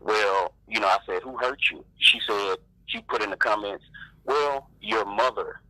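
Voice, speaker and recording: A man calling in to a live show, talking in a halting way with many fillers. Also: lowish voice, dry recording. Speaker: caller. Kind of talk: casual phone-in chat. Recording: dry, bright phone line.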